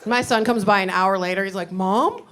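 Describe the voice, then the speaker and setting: Deadpan, weary-sounding woman stand-up comic. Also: medium pitch, quick pace. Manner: deadpan, weary drawl with sighs and trailing asides. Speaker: stand-up comedian. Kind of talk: stand-up comedy set. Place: comedy club stage. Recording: noisy background.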